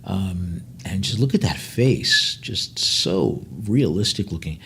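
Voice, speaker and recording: A man working as an auctioneer, rattling off bids quickly and breaking into chatty, joking descriptions of each lot. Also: low-pitched, expressive, a bit bright, slight background noise. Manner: rapid bid calling mixed with chatty, joking asides. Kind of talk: live auction calling with item descriptions.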